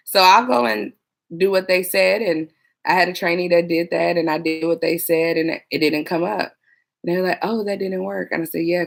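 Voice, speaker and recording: A woman who worked as a police dispatcher, chatting casually to viewers about trainees and acting out coworkers. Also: low voice. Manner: chatty, laughing, mimics people. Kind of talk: casual livestream chat.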